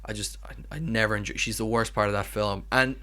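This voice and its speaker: Irish podcast co-host, young man, brash and bright, swears freely, stumbles into restarts. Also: lowish voice, fairly even intonation, fairly quick. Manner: blunt, swearing, many restarts. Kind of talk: casual chat.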